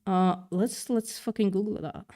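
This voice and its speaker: A woman with a warm, steady, medium-pitched voice reads the news a little slowly on her livestream. She stumbles over words and adds sarcastic, profane remarks, and her mixed accent is partly British-tinged.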